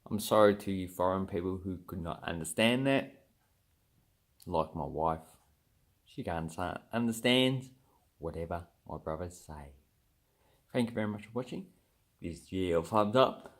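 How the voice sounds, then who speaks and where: Rambling Australian man, fairly low voice. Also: animated, normal speed, pauses often. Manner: rambling and chatty, wanders off on tangents. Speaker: vlogger teaching Australian slang. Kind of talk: casual to-camera lesson.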